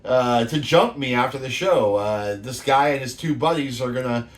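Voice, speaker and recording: With an expressive mid-range voice at normal speed, a fiftysomething host from the San Francisco Bay Area tells loose, crude stories with lots of laughs, in the style of a casual monologue.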